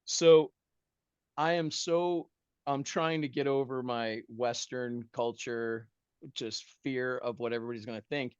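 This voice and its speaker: A man spins a comic story as a podcast guest, animated and poking fun at himself with plenty of dude and bro. His voice sits in a middle range. The recording is dry and a little dull. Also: mid-range voice, a little slow, clear, resonant tone, dry recording. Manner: animated, self-mocking, casual with dude and bro. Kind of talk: humorous storytelling.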